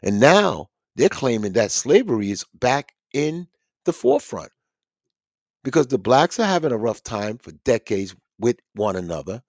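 Male podcast host, loose profane ranter, very lively delivery, dead-dry room. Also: mid-range voice, normal speed, no echo. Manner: animated, swearing, ranting. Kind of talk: casual profane commentary.

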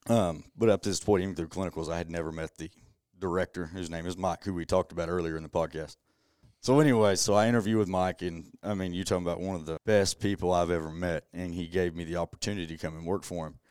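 Brief: a young man, low voice, earnest podcast guest sharing a personal story, close and dry. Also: steady tone, fast, a little mellow, clear, resonant tone, no room sound. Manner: earnest, conversational, many "you know"s.

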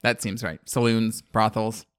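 A man's voice: on the low side, level tone, unhurried, clear, resonant tone, no room sound. A man from the American South casually recapping a movie as a podcast co-host, rambling and laughing often. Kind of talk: casual chat.

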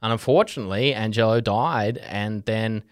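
Speaking at a normal speed in a lowish voice, a young Australian man co-hosting a podcast rambles through a story. He's full of fillers like "um" and "like" and keeps starting over, and the studio sound is clean and dry.

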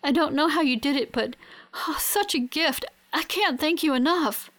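A woman narrator puts on a young woman newly woken from a long sleep in an audiobook. She speaks softly and breathily, her voice lifted well above the reader's own and pushed a touch louder. Wonder and tears run through every line. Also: sits high, sing-song, slow pace, pitched above the performer's own voice, full character voice. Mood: overjoyed. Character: tearful joyful young woman just woken from stasis.

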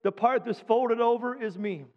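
High-voiced preaching man, echoing hall. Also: normal speed. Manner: emphatic preaching with frequent call-outs for amen. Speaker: pastor. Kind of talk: sermon. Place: church sanctuary. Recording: dull sound with long hall reverb.

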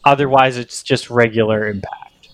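A man's voice: medium pitch, fairly even intonation, moderate pace. A man narrating as game master of a tabletop game, hesitant and full of restarts.

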